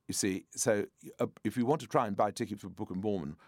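An older man with a very low voice speaks frankly about his work as an interview guest, pausing to reflect and telling anecdotes. He is recorded close and dry, with no room sound. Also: a little mellow, dry recording. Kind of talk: conversational interview.

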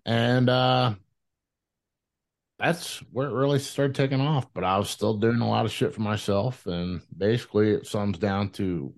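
A man in his thirties, a podcast guest telling his story in a rambling, profane, animated way, with many restarts. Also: fairly low pitch, unhurried, no echo. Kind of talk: casual storytelling interview.

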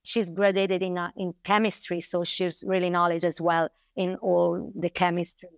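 Smooth-voiced Italian woman, dry sound. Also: lowish voice, little pitch movement, moderate pace, dry recording. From Italy. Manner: warm, laughs often, restarts words. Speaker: guest, winery co-owner. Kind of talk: casual interview chat.

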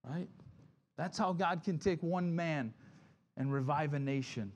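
A male pastor preaches conversationally, frequently checking in with "right?" and acting out Bible figures in quick quoted lines. His voice is fairly high with a darkish tone, and the recording's highs are cut off.

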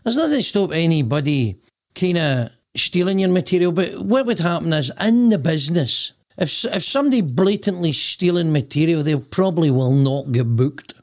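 A man's voice: fairly high pitch, normal speed. A man with a Scottish accent, a comedian guest on a podcast, joking and telling long stories. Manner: joking, animated storyteller. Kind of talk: casual podcast chat.

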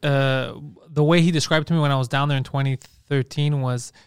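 A man co-hosting a podcast, telling stories in a profane, animated way. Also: mid-range voice, brisk, smooth, no echo, studio quality. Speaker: podcast co-host. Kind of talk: casual comedic chat.

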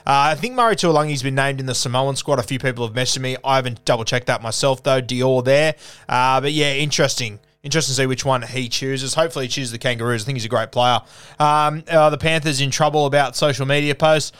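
A man's voice: mid-range voice, quick pace, a bit bright, clean tone. A young Australian man hosting a casual live Q&A, laid-back and chatty, calling everyone mate. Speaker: podcast host.

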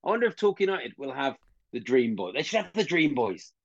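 A man's voice: mid-range voice, big pitch swings, a little fast, creaky, dull audio. A man co-hosting a podcast, chatting casually in a jokey, rambling way with mocking asides. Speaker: podcast co-host. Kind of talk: casual chat.

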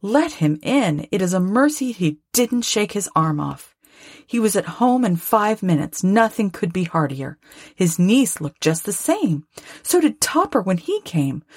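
A woman narrating a classic story aloud with expressive, lively phrasing. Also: mid-range voice, measured pace, slightly rough, no echo, studio quality. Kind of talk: storybook reading.

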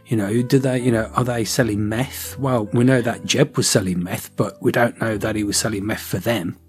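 A man with a lowish voice talks in a loose, rambling way, stopping to act out snippets of dialogue. Faint music plays beneath him. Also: fairly even intonation. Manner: rambling, acts out dialogue with quick voice switches. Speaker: podcast co-host. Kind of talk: casual chat.

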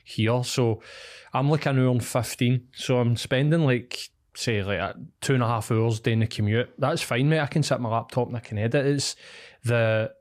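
A man's voice: mid-range voice, normal speed. Sweary Glasgow man telling stories. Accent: Scottish, Glasgow. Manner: sweary, animated storytelling. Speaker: podcast co-host. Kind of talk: casual banter.

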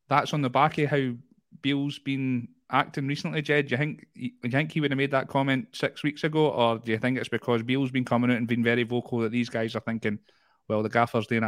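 A Scottish man hosts a laid-back football chat on a close, dry mic with no room sound. His pitch sits mid-range, and he rambles and repeats words as he works his way to a point. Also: flat delivery, a little fast, a bit bright, no room sound. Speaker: podcast host.

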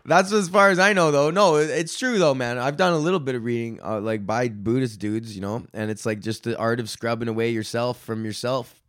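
A young man hosting a casual solo podcast, rambling and swearing freely, often laughing, and a bit low on energy. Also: fairly quick, hardly any pauses, a bit bright, dry recording, studio quality. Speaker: podcast host. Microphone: studio podcast mic.

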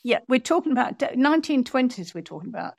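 Woman, storytelling interview guest, dry close sound, animated delivery. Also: high-pitched, fast, creaky, no room sound. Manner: lively storyteller, acting out quotes. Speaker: author and guest.

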